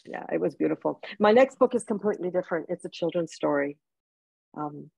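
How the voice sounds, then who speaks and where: A woman's voice: fairly low pitch, animated, fairly quick, gravelly, darkish tone, breathy edge, no echo, rough recording. A woman from Jamaica, an author guest in an interview, telling personal stories in a heartfelt way with restarts. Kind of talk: interview conversation.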